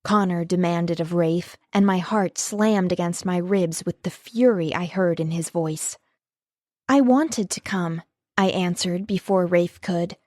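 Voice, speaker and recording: A woman's voice: fairly low pitch, steady tone, measured pace, few pauses, darkish tone, no echo, studio quality. A woman reading a first-person novel as an audiobook narrator, with an emotive reading style.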